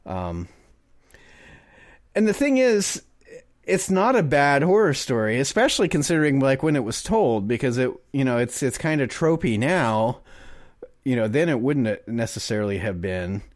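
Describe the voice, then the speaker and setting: A man's voice: medium pitch, big pitch swings, normal speed, no room sound, clean studio sound. A man co-hosting a podcast, reading a story and chatting casually, rambling and laughing with mild swearing. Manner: laughing, rambling, profane, mock-formal voices for quotes.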